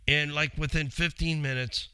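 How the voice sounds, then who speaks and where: A man's voice: fairly high pitch, steady tone, normal speed, sharp tone, clear, resonant tone, dry recording. A middle-aged man hosting a show, telling a long story in a rambling, chatty way and speaking straight to his listeners. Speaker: radio show host. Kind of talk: casual storytelling.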